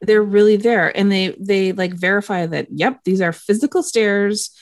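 A woman's voice: medium pitch, normal speed, no echo, studio quality. Tired-sounding woman recapping a show. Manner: rambling, heavy on fillers and casual swearing. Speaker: podcast co-host recapping a TV episode. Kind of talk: casual chat.

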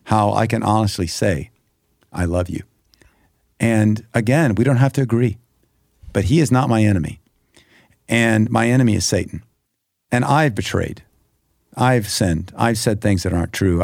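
A man's voice: on the low side, normal speed, creaky, long pauses, darkish tone, dry recording. Middle-aged man, podcast guest, earnest testimony, dry close sound. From United States. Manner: earnest, emphatic, acts out quoted prayers and dialogue. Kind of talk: personal testimony in a podcast conversation.

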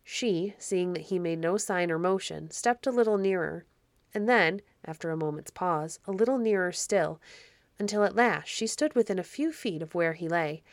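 A woman reads an old storybook aloud in a measured, expressive way. Her voice sits slightly low, and the recording is dry and close with no room echo. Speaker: audiobook narrator. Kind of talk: scripted storybook narration.

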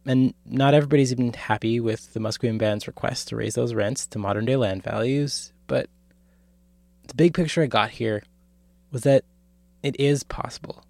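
A man hosting a podcast, speaking in measured, reflective scripted narration. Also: mid-range voice, gravelly, a little mellow, dry recording. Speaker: podcast host.

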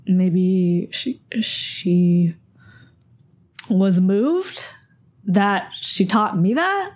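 A woman's voice: mid-range voice, slow, pauses often, a little mellow. A young woman in her twenties hosting a podcast, sharing a personal recollection in a casual, rambling way with lots of "like". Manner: casual, rambling, heavy use of "like". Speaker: podcast host.

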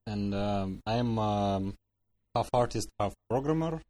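A man's voice: fairly low pitch, expressive, dark tone. Hesitant male guest developer, English. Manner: halting non-native English, giggly.

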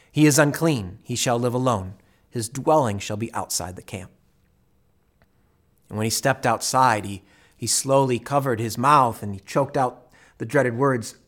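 A male pastor delivering a sermon at a middle pitch. He tells the story dramatically, dropping to near-whispers and rising to cries. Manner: dramatic storytelling, acting out voices with big swings in loudness.

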